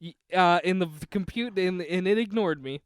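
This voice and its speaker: A man's voice: high voice, normal speed, smooth, no room sound, studio quality. A man on a podcast, casually reading out a text adventure game and joking about it. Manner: reads game text aloud with laughing asides. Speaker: podcast co-host.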